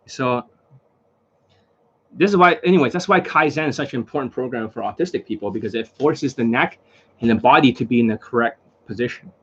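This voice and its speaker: Husky-voiced man, blunt rambling coach. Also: medium pitch. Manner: rambling and blunt, with frequent profanity and fillers. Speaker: dating coach. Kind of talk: unscripted monologue to camera. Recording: dull lo-fi recording.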